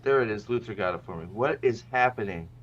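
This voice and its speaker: A man hosting a casual reaction chat, talking in a profane, sarcastic and excitable way. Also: on the low side, fast talker, highs cut off. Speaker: show host.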